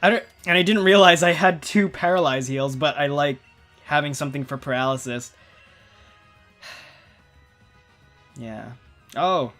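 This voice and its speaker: A man chats loosely over a playthrough, trailing off and circling back as he goes. His voice sits a touch higher than most men's. Faint game music plays softly behind him. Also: measured pace, pauses often. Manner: rambling, chatty, self-interrupting. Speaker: gaming channel host. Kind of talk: casual gameplay commentary.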